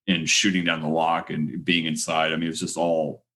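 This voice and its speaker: A man with a low, deep voice explains his character at a tabletop game. He speaks slowly and thoughtfully, hedging his points with a casual "I mean". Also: level tone, bright, forceful tone.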